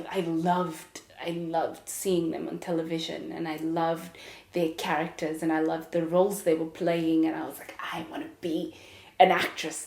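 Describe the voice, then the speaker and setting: South african woman chatting slow and candid, lowish voice, echoey room. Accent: South African English. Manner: candid, reflective, with frequent laughs and fillers. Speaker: podcast host, actress. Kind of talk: casual monologue.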